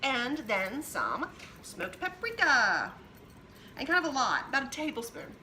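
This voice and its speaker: A woman's voice: sits high, sing-song, unhurried, bright, forceful tone, a little hiss or hum. A woman hosting a home cooking demonstration, chatting her way through each step as she works in her kitchen. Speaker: cooking show host.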